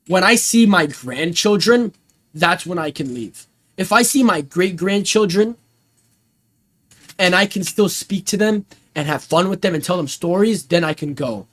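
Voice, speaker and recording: A young man chats loosely on a stream, rambling from thought to thought with slang and plenty of swearing. His voice sits a little high for a man. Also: lively intonation, unhurried, fairly bright tone. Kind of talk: casual stream chat.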